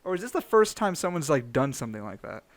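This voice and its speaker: A man's voice: on the high side, big pitch swings, fast talker, no echo. A man co-hosting a casual game review chat, blunt and swearing often, sometimes trailing into mutters. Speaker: podcast co-host.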